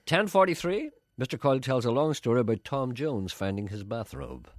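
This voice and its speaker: A man's voice: medium pitch, animated, moderate pace, no echo. A middle-aged man presenting radio, dry and self-mocking as he reads out listener letters. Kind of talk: wry radio chat with comic readings. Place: radio studio.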